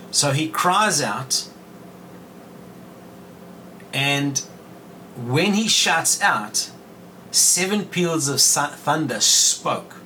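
A man hosting a podcast, reading Bible verses aloud and explaining them in a measured way. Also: medium pitch, pushed and bright, distant mic, slight background noise, poor audio. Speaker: podcast host teaching scripture.

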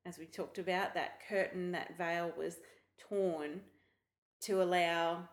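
A woman's voice: lowish voice, steady tone, slow pace. A woman on a church podcast, reading and explaining points thoughtfully, step by step. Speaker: podcast guest. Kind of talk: casual church podcast chat. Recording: roomy echo.

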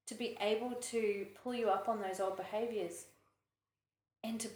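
An earnest woman co-host shares her own struggles in a relaxed faith podcast. She talks in loose, searching phrases that restart and trail off. The room rings around her. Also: mid-range voice, normal speed, reverberant, rough recording. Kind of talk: casual Christian podcast chat.

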